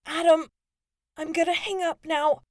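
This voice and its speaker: A woman's voice: high-pitched, steady tone, moderate pace, no echo, studio quality, pitched above the performer's own voice, lightly acted. A woman voicing a frightened teenage girl trapped in a fire, strained and short of breath.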